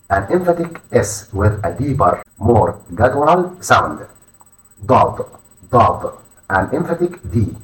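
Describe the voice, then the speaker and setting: Brief: male language teacher, low voice, unhurried pace, roomy echo, set back from the mic. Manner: slow, deliberate, repeats each letter name twice. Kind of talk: instructional lesson narration. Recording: echoey room, voice far from mic.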